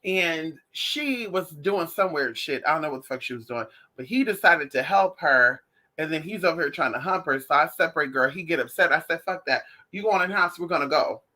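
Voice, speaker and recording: A sassy woman chats straight to her viewers and tells them stories. Her pitch swings widely from line to line, and her voice sounds bright and forceful, with a lot of attitude. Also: a little fast, a little hiss or hum. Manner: animated, sassy, calls listeners honey and y'all. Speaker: spiritual class teacher, vlogger. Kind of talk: casual storytelling to viewers.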